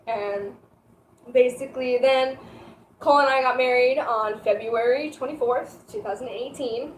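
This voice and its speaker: A woman's voice: on the high side, a little slow. A young woman telling a personal story in a casual, chatty way, laughing often and saying "like" a lot. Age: young adult. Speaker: vlogger. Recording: echoey room with faint noise.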